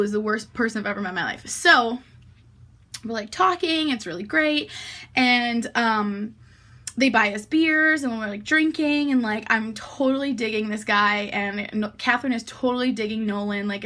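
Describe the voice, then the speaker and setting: A young woman in her twenties rattles through a casual storytime in a bright, tense voice pitched a little high. She is chatty and piles on fillers, with frequent swearing. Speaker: vlogger.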